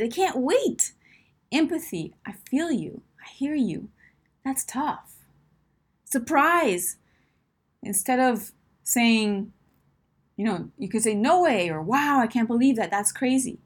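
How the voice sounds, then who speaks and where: A woman coaching listeners in a direct advice talk, emphatic and encouraging, often checking in with "right?" and "my friend". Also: mid-range voice.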